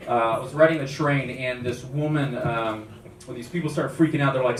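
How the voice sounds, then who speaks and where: A young adult man doing an animated stand-up comedy set in a club lounge, switching between voices as he tells his stories. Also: medium pitch. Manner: animated storytelling, quick voice switches. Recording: echoey club from far off, noisy.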